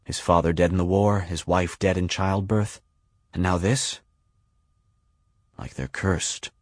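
A man voicing hushed grown-up gossips, murmuring low and confiding. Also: fairly even intonation, unhurried, no room sound, studio quality. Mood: pitying.

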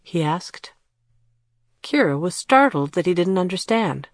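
A woman narrating an audiobook in a measured storytelling read. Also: fairly low pitch, big pitch swings, dry recording, clean studio sound. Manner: measured storytelling read, puts on voices for characters.

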